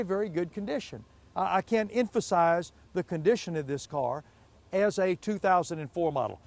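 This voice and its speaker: Guy hosting a car sales tv show on the lot, high voice, pushy and loud about the prices. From Pacific Northwest US. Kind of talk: live TV car sales pitch.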